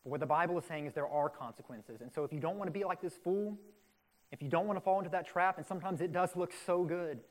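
A man's voice: on the high side, fast talker. A man preaching a sermon in an earnest, emphatic way, repeating phrases for stress. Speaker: pastor.

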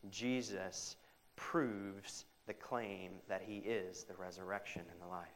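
A pastor delivering a sermon, moving between loud emphatic stretches and hushed, quiet quotations, with conversational asides to the congregation. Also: male voice, low-pitched, fairly even intonation, slow pace.

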